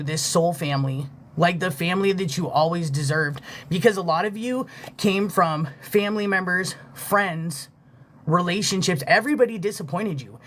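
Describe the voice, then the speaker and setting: A casual live-stream reader delivers an intuitive reading in a rambling, sincere way, swearing freely and thanking viewers as it goes. The voice sits at a middle pitch. A light background hiss runs under the talk. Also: a bit bright. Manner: loose, heartfelt, swears freely, heavy filler "like". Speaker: livestream spiritual reader.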